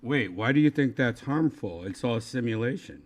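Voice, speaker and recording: A man's voice: mid-range voice, expressive, moderate pace. A man in a casual livestream, talking crudely and teasingly. He sounds exasperated and pushy, with a middling voice. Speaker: streamer.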